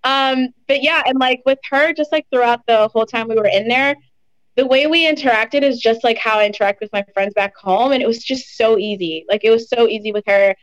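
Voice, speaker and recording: A woman's voice: on the high side, fairly quick, muffled recording. A young woman chatting casually as an interview guest, full of "like" and "um" fillers. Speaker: interview guest, reality show contestant.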